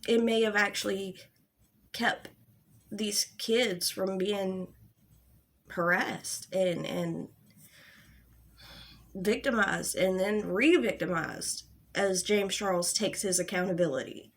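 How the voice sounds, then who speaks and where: A woman's voice: medium pitch, slow, pauses often. A young adult woman giving an angry, profane commentary rant, exasperated and sarcastic. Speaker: commentary YouTuber.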